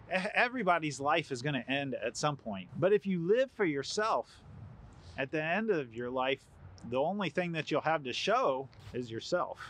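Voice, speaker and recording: Animated male pastor preaching. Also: a little high, a little hiss or hum. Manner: animated storytelling, acts out quoted lines. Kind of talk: sermon.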